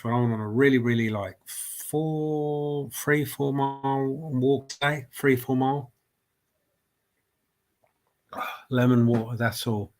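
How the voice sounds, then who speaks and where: Chatty football fan with a cold. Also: male voice, mid-range voice. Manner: rambling, chatty, with many fillers and restarts. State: has a cold. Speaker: football fan channel host. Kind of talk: casual live stream chat. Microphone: desk mic at a laptop.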